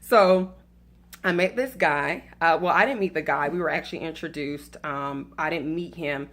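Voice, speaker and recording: A woman's voice: low voice, moderate pace, fairly bright tone. A woman with a Southern accent talks to her viewers in a casual, chatty way. She is playful and laughs at her own stories. She mixes faith with dating advice and calls her audience y'all. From Atlanta, US South. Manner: addresses viewers directly as y'all.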